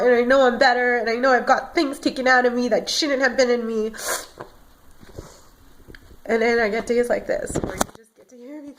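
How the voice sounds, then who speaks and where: A woman vlogging about how she feels, ranting emotionally, tearful at times and stumbling over repeated words. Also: sits high. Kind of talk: emotional personal vlog.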